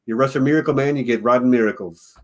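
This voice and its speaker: A man's voice: mid-range voice, quick pace, natural voice. A man playing a salty, grumpy old miracle man in a clumsy put-on Brooklyn accent. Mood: grumbling.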